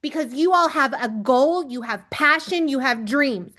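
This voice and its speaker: A woman leading a team training on a video call, giving an energetic pep talk and calling on people by name. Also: high-pitched, a little slow. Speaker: team leader coaching recruits.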